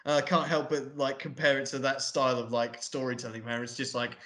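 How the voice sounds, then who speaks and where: A man's voice: medium pitch, level tone, a little fast, a bit bright. A man hosting a film review podcast, chatting casually with lots of swearing and rambling asides. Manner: swearing, rambling, mocking impressions. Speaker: podcast host.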